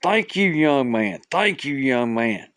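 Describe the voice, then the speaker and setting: A man voicing a grateful older father in a joke, in a fast, loud, high-pitched rush. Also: animated, no echo, studio quality.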